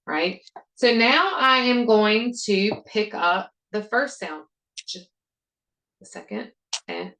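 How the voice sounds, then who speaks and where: A woman teacher modeling a phonics lesson for other teachers, sounding out words and repeating prompts deliberately. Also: mid-range voice, a bit bright, poor audio. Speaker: reading intervention teacher.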